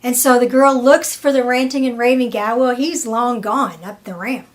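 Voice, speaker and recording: A woman with a fairly high, steady voice presents a weekly wellness tip, telling a story slowly and acting out the people in it.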